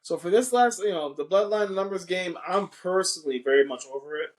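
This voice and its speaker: A man co-hosting a podcast, animated and opinionated, often restarting his sentences while grading matches. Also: sits high, a little fast. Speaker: podcast co-host. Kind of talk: casual wrestling review chat.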